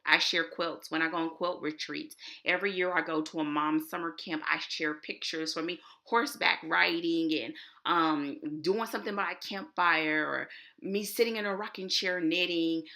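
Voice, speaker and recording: A middle-aged woman from Houston talks in a Texan accent, leading a casual conference session with chatty, emphatic energy. Her voice sits a little low for a woman, with a gravelly fry and a bright, forceful edge. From Houston, Texas. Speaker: conference presenter.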